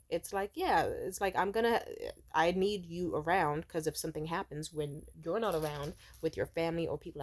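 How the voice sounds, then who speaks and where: A woman's voice: lowish voice, a little mellow. A young woman venting in a casual storytime vlog, frank and profane, rambling with lots of fillers. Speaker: vlogger.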